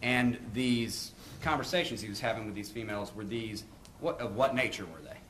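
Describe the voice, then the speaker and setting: A man's voice: on the low side, normal speed, a bit bright, a little hiss or hum. A man, a prosecutor, questioning a witness in court with methodical, leading questions.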